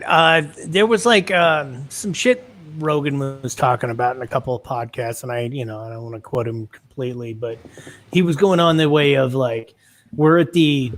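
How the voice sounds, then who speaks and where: Male podcast guest, mid-pitched, rambling and hesitant, self-deprecating, casual tone.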